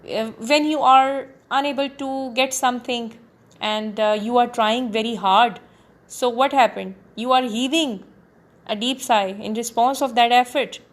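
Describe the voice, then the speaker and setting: Slow-talking woman teacher explaining a poem. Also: a little high, fairly even intonation. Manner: explains words step by step with many fillers. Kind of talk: classroom poetry lesson.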